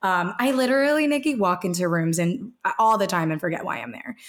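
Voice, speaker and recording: A woman's voice: mid-range voice, expressive, normal speed, hardly any pauses. A woman in her thirties, a podcast guest talking casually with many restarts and fillers. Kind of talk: casual interview talk.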